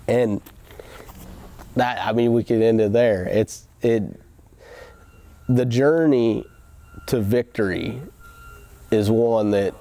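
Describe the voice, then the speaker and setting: A man's voice: on the low side, steady tone, unhurried, long pauses, mellow. A man hosting a casual motivational talk, telling a story in a rambling way with restarts and quoted asides. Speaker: host.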